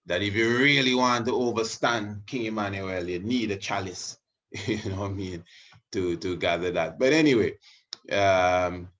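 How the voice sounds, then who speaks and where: Rambling through a casual lesson full of tangents, a religious video host keeps saying you-know and restarting his sentences. He has a fairly low, slightly bright voice at a normal speed, captured in muffled, lo-fi sound.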